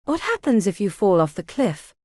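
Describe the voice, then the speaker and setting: A woman voicing a male team leader drilling his squad with brisk, commanding lines. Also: medium pitch, big pitch swings, darkish tone, no echo, studio quality.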